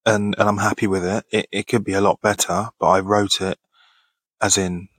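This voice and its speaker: A man's voice: lowish voice, little pitch movement, moderate pace, fairly bright tone, husky, no room sound. A man around thirty hosting a casual Q&A podcast, reading out listener questions and answering them in a laid-back way, laughing often and swearing casually. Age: 30s. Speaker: podcast host.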